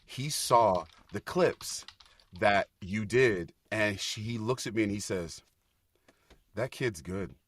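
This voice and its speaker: Animated man telling lively backstage stories. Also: lowish voice, slow pace, husky. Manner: animated, gets loud and laughing when excited. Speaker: guest, Broadway actor. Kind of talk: casual podcast storytelling.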